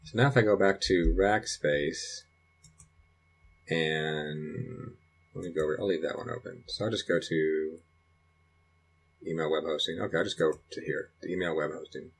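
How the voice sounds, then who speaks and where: A middle-aged man with a low, husky voice talks through a screen tutorial at home. He thinks aloud as he clicks and rambles along with plenty of restarts. The delivery is loose and conversational. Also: steady tone, moderate pace, pauses often. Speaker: dad recording a computer tutorial. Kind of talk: casual screen-recording walkthrough. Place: home in Colorado.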